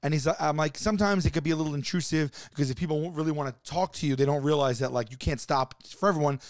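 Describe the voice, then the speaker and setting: A man co-hosting a podcast, telling a story in casual chat, animated and sometimes shouting out quoted lines, with a New York accent. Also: a little high, very fast, no room sound, clean studio sound. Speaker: podcast co-host.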